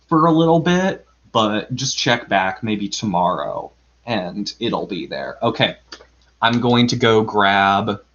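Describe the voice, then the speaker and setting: A man at a home computer microphone, talking his way through a live stream at an unhurried, drawn-out pace. He rambles as he narrates whatever he is doing on screen and pokes fun at himself. The audio is dull and lo-fi. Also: medium pitch, fairly bright tone. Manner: self-deprecating, chuckles often. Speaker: live storybook reader. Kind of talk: casual livestream chat.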